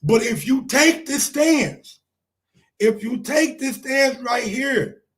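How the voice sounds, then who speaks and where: Male sports host, very high voice, heated, shouty, repeats lines for emphasis. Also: slow. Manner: heated, repetitive, frequently shouting. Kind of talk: animated sports commentary.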